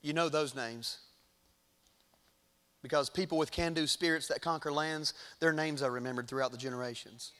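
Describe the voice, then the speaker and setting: A male preacher with a high, bright voice tells a story in a sermon. He swings from hushed passages to loud, vivid ones. His delivery stays dramatic throughout. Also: normal speed, clear, resonant tone.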